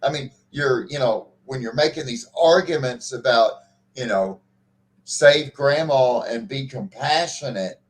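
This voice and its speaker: A man's voice: mid-range voice, measured pace. A man co-hosting a casual podcast chat, ranting with profanity and frequent restarts. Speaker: podcast co-host.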